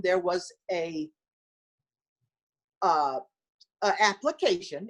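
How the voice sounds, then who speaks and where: An older woman telling stories in a casual interview, acting out what people said and laughing as she goes. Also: medium pitch. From small-town United States. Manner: animated storyteller who acts out quoted voices and laughs often. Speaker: former basketball player, interview guest.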